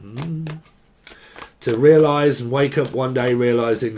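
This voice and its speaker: A man's voice: mid-range voice, slow, darkish tone, slight background noise. A man giving a casual tarot reading, joking and swearing, and breaking into song now and then. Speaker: tarot reader.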